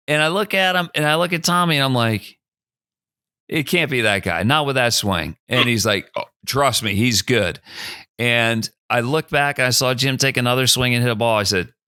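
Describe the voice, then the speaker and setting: A man's voice: mid-range voice, no echo, studio quality. A middle-aged man, a podcast guest, telling a story casually and acting out the people in it. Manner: animated, acts out dialogue in the anecdote.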